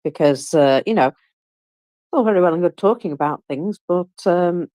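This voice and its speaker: A host in an online chat who speaks in a warm, reassuring way. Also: mid-range voice, expressive, moderate pace, no room sound. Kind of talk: casual chat.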